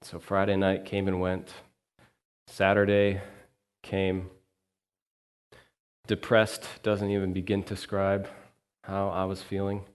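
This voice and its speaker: Male minister, low voice, earnest first-person sermon monologue in character. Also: completely flat delivery, slow, long pauses, clear, resonant tone. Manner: earnest storyteller, quiet and reflective. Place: church sanctuary.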